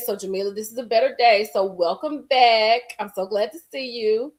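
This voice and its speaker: A woman's voice: fairly high pitch, normal speed, hardly any pauses. A woman hosting a live stream, chatting casually and emphatically with her viewers, repeating lines for effect. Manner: animated, talks straight to viewers reading the chat.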